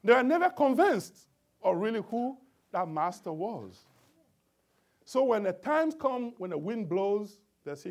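Guy preaching a bible lesson in church, really lively voice that jumps around, emphatic, checks in with the crowd a lot. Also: high voice, measured pace. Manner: emphatic, keeps checking in with the congregation. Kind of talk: sermon-style Bible teaching. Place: church before a congregation.

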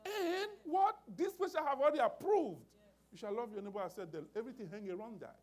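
A male preacher delivering a sermon with a lively pitch that climbs and dips. He speaks with emphasis, restarts his sentences and repeats key phrases. He keeps checking in with the congregation by calling for an amen. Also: fairly quick.

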